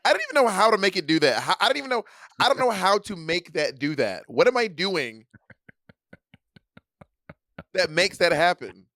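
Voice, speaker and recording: A man's voice: high-pitched, big pitch swings, quick pace, bright, forceful tone, no room sound, studio quality. A man from the Atlanta area co-hosting a casual podcast over a video call, talking playfully and mimicking accents. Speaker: podcast co-host. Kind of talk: casual chat.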